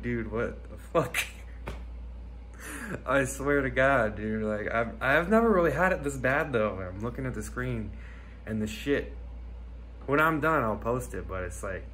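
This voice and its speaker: A man's voice: medium pitch, a bit bright, slight background noise. A young man rambling through a comic monologue outdoors, mumbling and trailing off into near-whispers, mocking himself. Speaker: comedy video creator. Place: outdoors on a hike.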